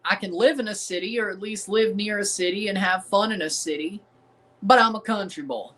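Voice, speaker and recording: Southern US man, streamer host, bright voice, rambling and defiant, repeats lines. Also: high-pitched, a little fast, low-quality recording. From American South. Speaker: streamer hosting a match watchalong. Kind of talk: casual livestream commentary.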